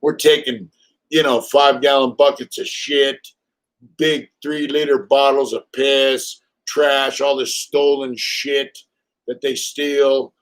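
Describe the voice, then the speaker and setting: A man's voice: medium pitch, flat delivery, slow pace. A man in his fifties hosting a casual live stream, telling stories bluntly with plenty of swearing. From California. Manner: profane, blunt storytelling; acts out quotes in raised voices. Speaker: channel host.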